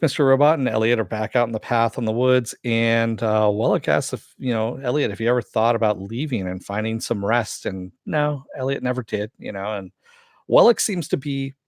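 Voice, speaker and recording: A man's voice: no echo, studio quality. A man casually recapping a TV episode and answering chat, rambling with many fillers. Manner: acts out quoted lines with raised pitch. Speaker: show recap host.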